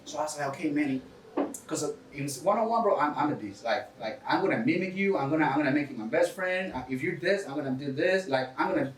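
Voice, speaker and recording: A man's voice: fairly high pitch, expressive, fast, reverberant, far from the mic, a little hiss or hum, rough recording. A man with a foreign accent, English not his first language, talking energetically in a casual interview and coaching listeners, often calling people dude and bro. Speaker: real estate investor guest.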